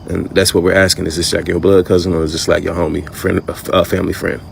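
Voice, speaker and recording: A man's voice: deep voice, level tone, fast, gravelly, a little hiss or hum. A man explaining something casually to the camera, rambling and slangy.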